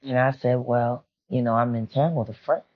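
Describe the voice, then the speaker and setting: A woman's voice: rumbling low, steady tone, moderate pace. A woman guest on a podcast, telling a personal story in a rambling, confiding, emotional way. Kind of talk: candid storytelling interview. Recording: muffled lo-fi sound.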